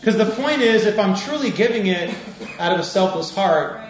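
A man's voice: high-pitched, lively intonation, normal speed, slight background noise. A male minister giving a sermon as a conversational storyteller who laughs as he tells a personal story. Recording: echoey room from a distance.

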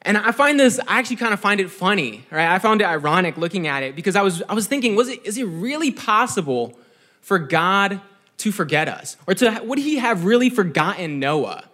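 High-voiced young man preaching casually. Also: very animated, fairly quick, sharp tone. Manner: conversational, keeps asking "right?"; earnest, reflective. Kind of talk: sermon.

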